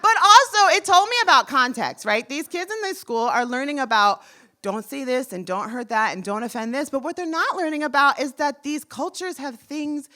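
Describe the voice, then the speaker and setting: A woman in her forties telling a personal story on stage, lively, acting out the voices she quotes. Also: sits high, moderate pace. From United States. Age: 40s. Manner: animated, acts out quoted voices.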